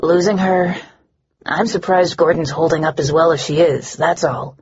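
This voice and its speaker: A gentle, earnest young man with a low, husky voice, as a woman narrator voices him. He sounds soft and apologetic. The recording is dull and lo-fi. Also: normal speed.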